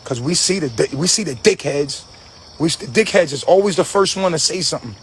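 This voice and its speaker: A man's voice: a little high, expressive, brisk, fairly bright tone, slight background noise. A man hosting a livestream, delivering a profane, aggressive, preachy rant full of repetition. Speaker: livestream host.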